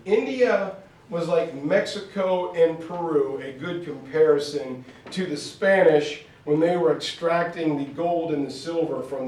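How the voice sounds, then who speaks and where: A male history teacher giving a lively, playful classroom lecture, slipping into quick mock voices. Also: a little high, slight background noise. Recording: echoey room, far from mic.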